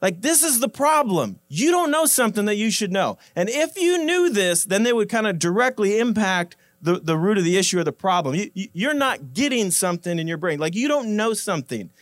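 A man preaching a sermon in a casual, conversational way, often repeating words and slowing down to stress scripture quotes. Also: high-pitched, very animated, a bit bright, no echo, studio quality. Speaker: pastor.

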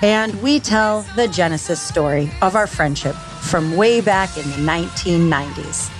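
Low-ish woman host, upbeat promo read, faint music bed. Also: normal speed. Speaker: podcast host. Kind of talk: scripted promo narration.

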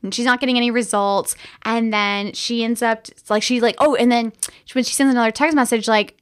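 A woman co-hosting a casual movie-review podcast, talking in an animated way with lots of swearing and frequent laughter. Her voice sits a little higher than most women's. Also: brisk, clear, resonant tone. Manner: animated, profane, laughs often. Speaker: podcast co-host.

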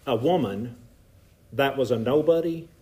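A man with a Southern Appalachian accent, preaching a sermon in a folksy, animated way with asides to the congregation. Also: mid-range voice, unhurried. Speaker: pastor. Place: church.

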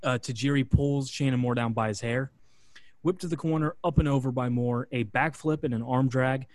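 A man hosting a podcast, telling a story in a relaxed way with fillers and recapping a match. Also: medium pitch, no room sound. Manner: relaxed, with fillers, acts out quotes. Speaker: podcast host.

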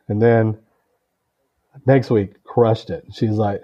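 A man who used to teach, now in sales, tells a personal story as a podcast guest in casual, lively talk, acting out the dialogue and swearing freely. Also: on the low side, moderate pace, muffled recording. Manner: animated, acts out quoted dialogue, swears freely.

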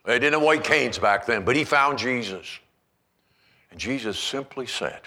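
A man pastor preaching a sermon in an animated storytelling manner, acting out scenes as he goes. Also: mid-range voice, normal speed.

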